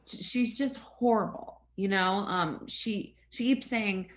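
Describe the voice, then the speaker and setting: A woman's voice: mid-range voice, takes it slowly, hardly any pauses. A woman co-hosts a casual podcast conversation in a mid-range voice. She speaks bluntly and disapprovingly. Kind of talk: casual chat.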